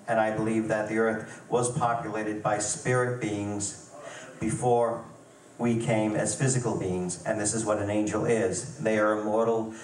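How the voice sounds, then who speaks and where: A man's voice: lowish voice, a little hiss or hum. A man giving an earnest lecture at a conference, explaining his beliefs. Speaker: conference speaker. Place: conference hall. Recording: echoey hall, far from the mic.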